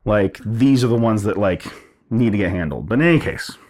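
A man's voice: fairly low pitch, brisk. Man, podcast co-host, casual storytelling, rambling, lots of restarts. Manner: rambling, animated retelling with many restarts and "like".

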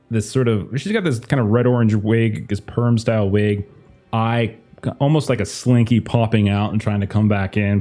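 A man's voice: lowish voice, mellow. A man narrating a tabletop game as game master, describing scenes loosely with many fillers.

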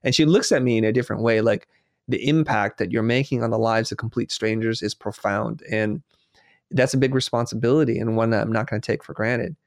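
A man's voice: medium pitch, fairly quick, dry recording, clean studio sound. A man being interviewed who talks earnestly, telling stories and quoting himself and others as he reflects. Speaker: guest.

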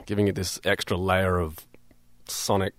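Australian man, guest musician, low pitch, dry close studio sound, loose and rambling. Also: flat delivery, moderate pace, a bit bright, dry recording. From Perth, Australia. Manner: laid-back, rambling, many fillers and laughs. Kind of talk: casual radio interview. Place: radio studio.

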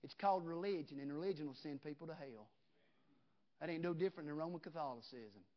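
Revival preacher guy, high voice, hollers then goes real quiet, folksy talk, kinda muffled recording. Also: fast. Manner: swings from shouted preaching to hushed storytelling; folksy, drops into "ain't" and "you know what". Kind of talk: revival sermon.

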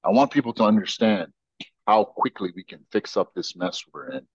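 An American man, a podcast guest, telling stories and arguing his views in an animated, opinionated way. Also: on the low side, normal speed, husky, dry recording, dull audio. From United States. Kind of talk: casual podcast interview.

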